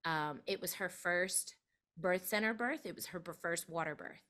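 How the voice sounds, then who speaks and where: Woman doula guest, lively storyteller, bright and forceful tone. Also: normal speed. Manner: animated, acts out quoted voices with big pitch jumps. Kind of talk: storytelling in an interview.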